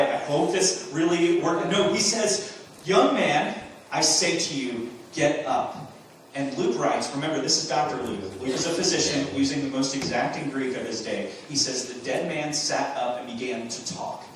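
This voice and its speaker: A man preaches from the pulpit in an earnest voice, slightly high for a man, asking rhetorical questions and pressing points with emphatic bursts. His voice rings through a very echoey sanctuary, picked up from some distance. Faint room hum sits underneath. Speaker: pastor. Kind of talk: sermon.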